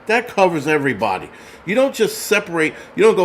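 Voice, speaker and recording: A man's voice: sits high, huge pitch swings, fast talker, a little hiss or hum. A man vlogging, delivering an angry, profane, rambling rant to his viewers. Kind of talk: casual rant to camera.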